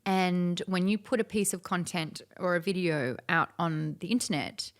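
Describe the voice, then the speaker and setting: Woman guest on an interview podcast, kinda low voice, tells stories all animated. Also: moderate pace. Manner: animated storyteller who acts out quoted dialogue. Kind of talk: casual conversational interview.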